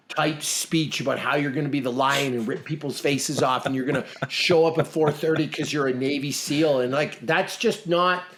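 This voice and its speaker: Blunt, emphatic man, slightly high voice. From Canada. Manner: blunt, emphatic, repeats himself. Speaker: podcast co-host. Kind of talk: casual motivational chat.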